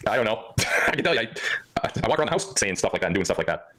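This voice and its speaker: A man's voice: fairly low pitch, sing-song, very fast, a bit bright, low-quality recording. A man hosting a livestream, talking in a hyper, joking way and laughing often. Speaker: livestream host. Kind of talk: rambling livestream chat.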